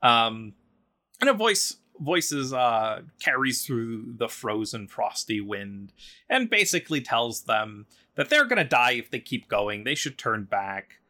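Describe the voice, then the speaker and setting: A man talking casually on a podcast, retelling a story with frequent ums and likes. His voice has a bright, clear tone. He meanders and lightly acts out the characters' lines as he goes. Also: mid-range voice, sing-song, slow pace. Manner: chatty, full of ums and likes, voices quotes loosely.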